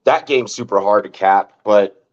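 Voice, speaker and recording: A fantasy football podcast host, a man with a lowish, unhurried, slightly mellow voice, chats casually about sports. His talk rambles loosely, packed with repeated words, lots of "like," and some swearing. The recording sounds dull and lo-fi.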